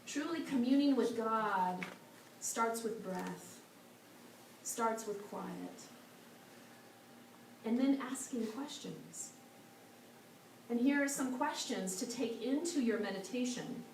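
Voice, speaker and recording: A woman's voice: on the high side, animated. Woman minister in an echoey hall. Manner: soft, slow and meditative at moments. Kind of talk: sermon with storytelling. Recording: echoey hall from a far mic, faint noise.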